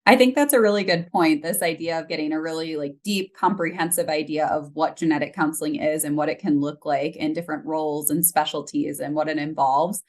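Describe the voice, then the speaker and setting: A woman's voice: sits low, fairly quick, hardly any pauses. A woman, a genetic counselor, hosting an interview and asking thoughtful, encouraging questions.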